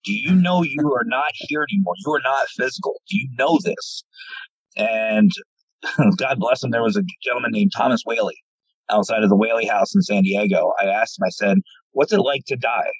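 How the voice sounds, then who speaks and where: Guest man, paranormal investigator type, husky voice, dry dull lo-fi sound, animated storyteller who stumbles and restarts. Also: medium pitch, normal speed, no echo. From central Pennsylvania. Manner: animated, repeats words when starting, acts out quoted dialogue. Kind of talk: casual storytelling interview.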